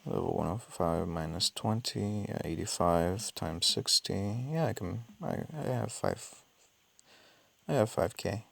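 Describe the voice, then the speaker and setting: A man with a raspy, just-woken-up voice, thinking aloud with many ums and self-corrections during casual gameplay commentary. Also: low-pitched, measured pace. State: just woke up. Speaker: mobile game player.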